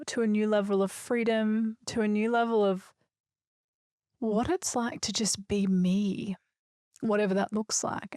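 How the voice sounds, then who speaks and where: A woman's voice: mid-range voice, darkish tone, no echo, studio quality. A woman hosting a solo podcast, talking in an earnest, emphatic, reflective way. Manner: earnest, emphatic and spiritual, with a few loose swears. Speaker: podcast host.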